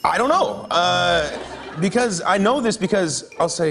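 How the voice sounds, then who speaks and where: A man's voice: sits high, big pitch swings, moderate pace, creaky, music in the background. A man tells a talk show host a short, amused story about his son, chuckling as he talks. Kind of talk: casual anecdote.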